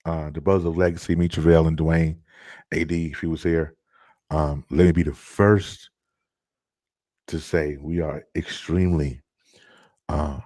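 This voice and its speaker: A man's voice: extremely low pitch, level tone, a little slow, long pauses, dark tone, no room sound, clean studio sound. A middle-aged man hosting a live stream from home, talking loosely with lots of fillers and restarts. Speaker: host of a live stream show. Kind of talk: casual live-stream chat. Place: at home, child heard nearby.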